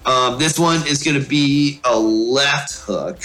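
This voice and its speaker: Excitable man playing a tabletop game. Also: medium pitch, slow pace, soft background music. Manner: excited, swears, cheers at hits. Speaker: player. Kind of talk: casual tabletop game play.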